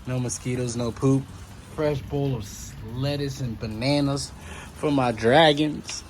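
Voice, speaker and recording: Male vlogger, average pitch, loose and chatty, self-correcting, phone mic indoors with faint ambient noise. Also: steady tone, measured pace. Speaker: vlogger and reptile keeper. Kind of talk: casual walkthrough vlog. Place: indoor room with reptile tanks. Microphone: handheld phone.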